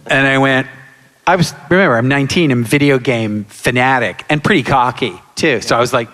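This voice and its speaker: A man in his sixties, a guest on a live convention panel, telling lively anecdotes and acting out quotes and sound effects. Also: medium pitch, brisk. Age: 60s. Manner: animated storyteller, acts out quotes and sound effects. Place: large hall with live audience. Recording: reverberant hall.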